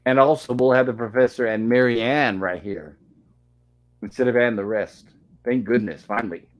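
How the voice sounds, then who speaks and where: A man's voice: mid-range voice, normal speed, highs cut off. Chatty man recapping an old sitcom. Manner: chatty, reads dialogue aloud with little acting. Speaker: host of a live-streamed show. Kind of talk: casual episode recap, reading lines aloud.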